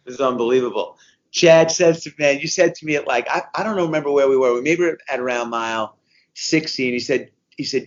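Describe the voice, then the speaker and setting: Energetic man in his fifties telling stories. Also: mid-range voice, quick pace, dull audio. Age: 50s. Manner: energetic storyteller, repeats himself for emphasis. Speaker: guest. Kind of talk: conversational podcast interview.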